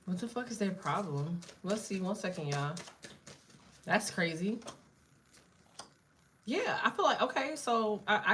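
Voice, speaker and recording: A woman's voice: mid-range voice, normal speed, fairly bright tone, slight background noise. A woman doing a casual live tarot reading, blunt and profane, chatting to viewers and jumping between cards and asides. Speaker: tarot reader.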